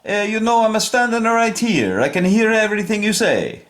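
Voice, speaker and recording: A man voicing a self-mocking figure in a high, sing-song voice. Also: lively intonation, brisk, a bit bright. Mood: indignant. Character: boastful Italian man, complaining about his own silly accent.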